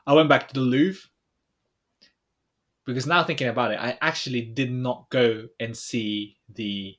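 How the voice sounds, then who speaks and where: A young man, co-hosting a podcast and recounting a trip in casual chat, rambling with many fillers and trailing off quietly. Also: mid-range voice, normal speed. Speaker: podcast co-host.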